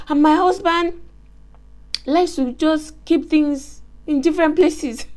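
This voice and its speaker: A woman's voice: sits high, slow. A woman hosting a faith-based motivational talk, telling stories emphatically with lots of repetition. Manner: animated, emphatic storytelling with repetition. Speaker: host.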